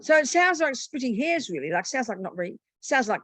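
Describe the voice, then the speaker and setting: A woman's voice: on the high side, big pitch swings, brisk, fairly bright tone, no echo. A woman, a Buddhist nun, teaching a meditation retreat in a blunt, plain-spoken and humorous way.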